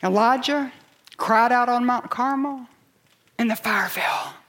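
A woman preaching a sermon to a congregation in church, building to loud cries and dropping to near whispers. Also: on the high side, slow.

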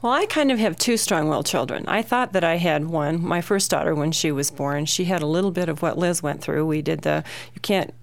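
A woman's voice: low-pitched, fairly quick, creaky, few pauses, no room sound. A middle-aged woman, a guest parent, telling stories about her children on a talk show.

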